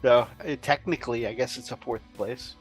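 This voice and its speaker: A man's voice: mid-range voice, fairly even intonation, fairly quick. Regular guy cohost reading chat n teasing, medium voice, little music in back. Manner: reads out chat comments, teasing. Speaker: podcast co-host. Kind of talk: casual livestream chat.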